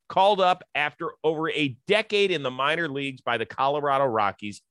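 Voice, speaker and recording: A man's voice: fairly high pitch, a bit bright, dry recording. Chatty male sports talk host, dry sound. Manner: emphatic, chatty, quick to joke.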